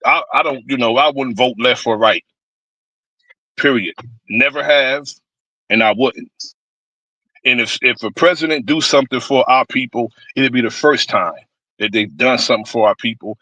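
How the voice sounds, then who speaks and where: A man's voice: medium pitch, normal speed, long pauses, bright, forceful tone, no room sound, low-quality recording. A man on a live stream giving a blunt, rambling political rant, cursing freely. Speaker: stream panelist.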